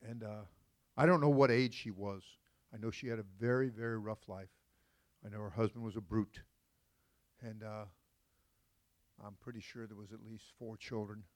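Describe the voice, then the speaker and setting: Folksy joking pastor preaching. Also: male voice, fairly low pitch, fairly even intonation, moderate pace, long pauses. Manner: folksy, joking asides to the congregation. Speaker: senior pastor. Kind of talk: conversational sermon. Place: church sanctuary.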